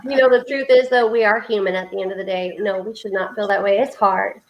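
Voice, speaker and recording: A woman's voice: mid-range voice, fairly even intonation, brisk, muffled recording. A woman co-hosting a faith-based livestream chat, telling heartfelt stories in an earnest, preaching way over a video call. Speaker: co-host of a faith support livestream.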